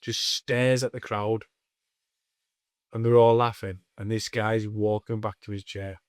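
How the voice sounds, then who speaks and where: A man's voice: on the low side, a little slow, clear, resonant tone, dry recording, studio quality. A man, telling stories as a comedian co-host of a casual podcast, swearing constantly. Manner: swears constantly, animated anecdotes. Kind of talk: casual storytelling chat.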